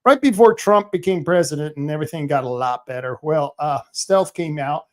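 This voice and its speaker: A man hosting his own podcast, telling stories in a rambling, animated way with plenty of fillers and restarts. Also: a little high, moderate pace. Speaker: podcast host. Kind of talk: casual monologue.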